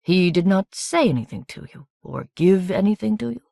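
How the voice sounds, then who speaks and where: A woman doing a smooth, courteous officer. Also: on the low side, lively intonation, normal speed, dark tone, no room sound, clean studio sound, voice pushed up. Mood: polite probing. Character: tall soldier officer, smooth, polite, probing.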